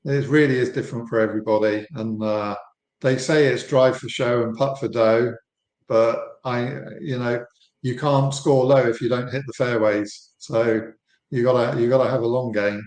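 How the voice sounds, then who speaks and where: A man's voice: mid-range voice, fairly even intonation, normal speed, a little mellow, reverberant. An English man in his fifties, a company founder, chatting easily and good-humouredly as a podcast guest. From England. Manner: easygoing, friendly, laughs lightly. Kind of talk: casual interview chat. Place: home room in Florida.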